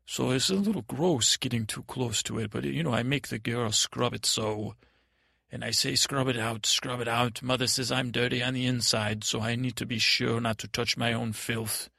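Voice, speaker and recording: A man's voice: medium pitch, steady tone, normal speed, gravelly, bright, forceful tone, no room sound, studio quality. A man playing a timid, dreamy boy prince, stammering and meandering through an improvised bedtime story. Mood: rambling.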